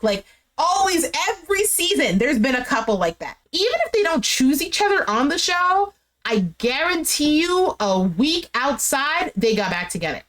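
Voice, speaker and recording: A woman's voice: sits high, fairly bright tone. A woman casually recapping a reality show, chatty and slangy, exasperated and emphatic as she talks. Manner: chatty and slangy, says "bro" and "like" a lot. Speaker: recap vlogger.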